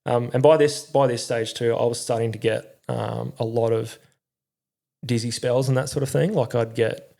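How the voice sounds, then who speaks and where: A man's voice: mid-range voice, fairly even intonation, normal speed, gravelly, warm tone. A middle-aged Australian man telling his story in a candid, rambling way, swearing often and using slang. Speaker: podcast guest, former army crew commander.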